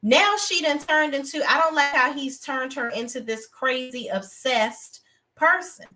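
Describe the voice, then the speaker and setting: A young woman hosting a live TV review stream, talking in a blunt, animated, outspoken way with features. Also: high voice, measured pace. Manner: animated, outspoken, breaks into acted voices of characters. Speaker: TV review show host.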